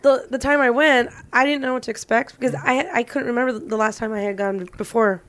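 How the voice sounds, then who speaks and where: A woman's voice: fairly high pitch, fairly even intonation, fast talker, fairly bright tone, a little hiss or hum. A woman co-hosting a podcast in casual chat, chatty and playful, rambling with lots of "like". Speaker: podcast co-host.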